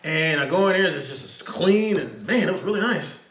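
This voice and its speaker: Animated middle-aged man telling sea stories. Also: sits high, brisk. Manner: animated, laughing, swearing freely. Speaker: podcast guest, retired Navy master chief. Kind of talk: casual storytelling. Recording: echoey room.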